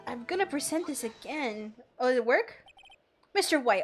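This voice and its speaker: A woman's voice: high voice, animated, brisk, soft background music. A young woman streamer chatting casually and giggling while playing a game. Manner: giggly, chatty, self-correcting. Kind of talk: casual gameplay commentary.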